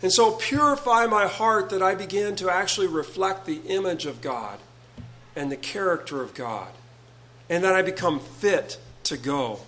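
A man preaching a sermon, earnest and halting, often repeating words as he builds a point. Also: sits high, expressive, pushed and bright, a little hiss or hum, poor audio.

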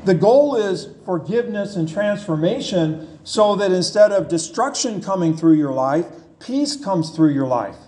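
A man's voice: high-pitched, lively intonation, unhurried, few pauses, a little mellow. A man preaching a sermon in an emphatic, repetitive way, asking the listeners rhetorical questions.

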